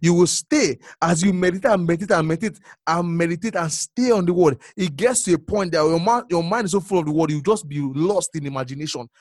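A male preacher giving a sermon, repeating phrases and swinging from hushed murmurs to sudden loud exclamations. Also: a little high, fast, hardly any pauses, dry recording, clean studio sound.

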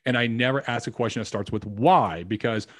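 A man in his thirties talks in a loose, casual podcast style as a guest. His pitch sits in a middling range. He swears easily and walks through his sales method one step at a time. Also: brisk, a bit bright, no room sound. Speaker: guest, insurance agent.

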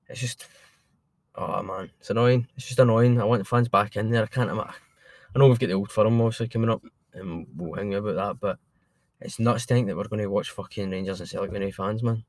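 A man's voice: lowish voice, brisk, dry recording. A Scottish man co-hosting a casual football podcast, swearing constantly and ranting in exasperation. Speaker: podcast co-host.

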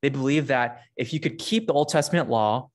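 A young man giving a casual, conversational sermon, reading scripture and acting out the characters with lively jumps in pitch. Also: fairly quick. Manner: conversational, many fillers, acts out characters with rising pitch. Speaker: preacher.

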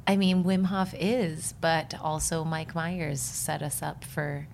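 A woman co-hosting a podcast in casual chat, talking in a halting, giggly way. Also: low voice, flat delivery, vocal fry, a little hiss or hum. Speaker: podcast co-host.

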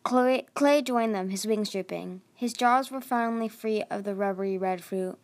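A woman's voice: mid-range voice, normal speed. A woman narrating a fantasy novel chapter aloud, often tripping over words and correcting herself. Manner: stumbling, self-correcting reading. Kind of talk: audiobook reading.

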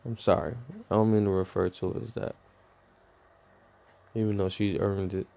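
A young man telling a personal story in a rambling, profane, animated way, full of fillers. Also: low voice, normal speed, gravelly. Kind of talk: casual storytime rant.

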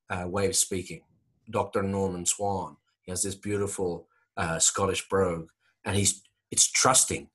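A man's voice: on the low side, fairly bright tone, breathy edge. A man hosting a podcast, telling a rambling story in casual chat with emphatic repetition.

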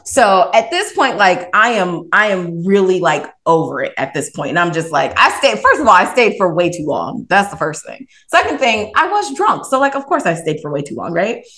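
Her voice is lowish, her pace moderate, and she barely pauses. This author and reiki practitioner, guesting on a podcast, casually shares a personal anecdote, lively reenacting the exchanges with plenty of "I was like."

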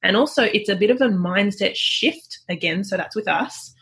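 A woman, a parenting coach speaking in a relaxed interview, chatty and laughing often. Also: medium pitch, normal speed. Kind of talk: conversational interview.

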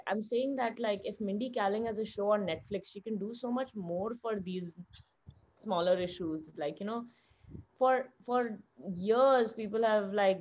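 A woman co-hosting a casual podcast chat, giving blunt, heated opinions with plenty of fillers. Her voice is mid-pitched. The recording sounds slightly dull and lo-fi. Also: darkish tone.

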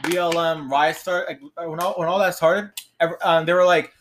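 A man's voice: fairly high pitch, fairly even intonation, normal speed, hardly any pauses. A man co-hosting a casual podcast, talking in a hesitant, rambling way. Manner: hesitant, rambling with fillers and restarts. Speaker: podcast co-host. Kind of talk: casual chat.

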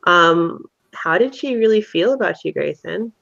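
A woman's voice: fairly low pitch, lively intonation, unhurried, creaky, a bit bright, no room sound, muffled recording. A woman running a tabletop roleplaying game as game master, prompting her players with friendly questions.

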